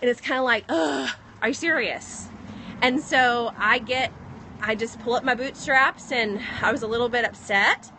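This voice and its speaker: A pregnant woman telling a personal story in a casual vlog, recorded outdoors on a phone in the rain, animated as she retells what others said. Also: on the high side, moderate pace. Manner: earnest, animated retelling with quoted dialogue. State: pregnant, second trimester. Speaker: vlogger. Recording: faint outdoor noise, rain.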